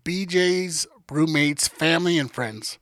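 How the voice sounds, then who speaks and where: A man co-hosting a podcast, telling a story in relaxed, profane casual chat. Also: on the high side, slow pace, no echo. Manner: laid-back, profane, quiet narration. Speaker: podcast co-host.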